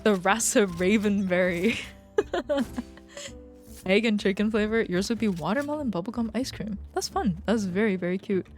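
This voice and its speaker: A woman's voice: mid-range voice, moderate pace. A young woman streamer chatting casually with her viewers, swearing freely and venting, with faint music behind her.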